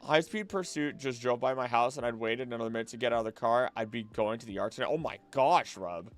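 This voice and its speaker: A man's voice: medium pitch, fast. Rambling man chatting on a late-night stream. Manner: rambling, easily distracted, musing aloud with many restarts.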